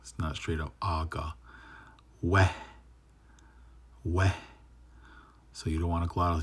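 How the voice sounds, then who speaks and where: A man with a very deep, low voice gives a relaxed spoken lesson on reading. He talks slowly and breaks words into syllables, repeating each one, and often lets the word endings fall to a near whisper. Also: husky. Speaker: language teacher.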